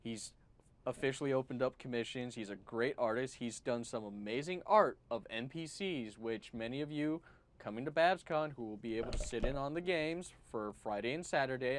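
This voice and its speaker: A man who runs tabletop games, chatting casually and enthusiastically on a stream, with plenty of restarts. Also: mid-range voice. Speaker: game master.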